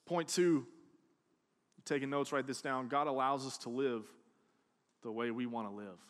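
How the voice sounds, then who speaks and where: A man preaching a sermon, telling a personal story and acting out quoted voices, swinging from hushed to loud. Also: mid-range voice, steady tone, unhurried. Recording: long hall reverb.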